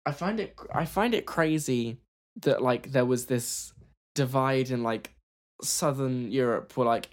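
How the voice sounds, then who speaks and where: Giggly rambling low-voiced woman. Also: measured pace. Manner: giggly, rambling, full of "like" and restarts. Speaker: podcast guest. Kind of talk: casual chat.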